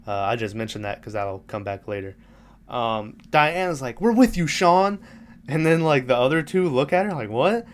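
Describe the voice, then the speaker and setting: This is a man with a smooth, clear voice at a middle pitch. He retells a film scene by scene in an easygoing, rambling way, dropping profanity and small laughs. He sounds like a relaxed podcast host chatting rather than reading. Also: moderate pace. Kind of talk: casual movie recap.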